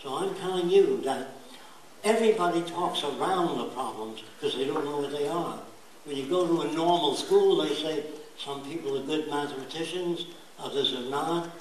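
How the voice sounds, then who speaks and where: A blunt older man lectures with emphasis, his voice sitting a little high. He sounds distant from the mic, in a very echoey room with a faint hiss behind him. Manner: blunt, emphatic, mimics accents in quick asides. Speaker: speaker giving a talk.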